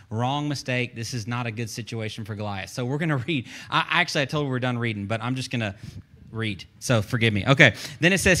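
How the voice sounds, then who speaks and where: Bright-voiced animated Texan preacher. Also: male voice, medium pitch. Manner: animated storytelling preacher, acting out voices in quotes; reads scripture aloud, rising to shouts at the close. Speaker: pastor. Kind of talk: sermon.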